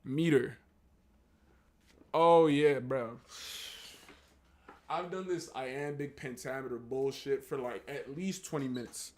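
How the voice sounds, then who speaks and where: A man on a casual livestream, reading text aloud haltingly and breaking off into slangy, profane asides. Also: medium pitch, darkish tone. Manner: reads text aloud haltingly, then riffs on it.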